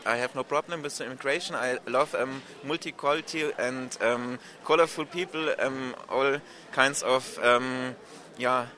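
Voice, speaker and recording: Bright-voiced man, halting English. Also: mid-range voice, fairly even intonation. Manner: halting, many "um"s. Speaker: street interviewee.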